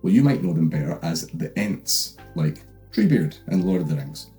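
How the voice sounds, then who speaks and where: Deep-voiced Scottish man rambling comically. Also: sing-song, normal speed, warm tone, faint music behind. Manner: rambling, swearing, full of fillers. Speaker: host. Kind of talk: comedic book recap.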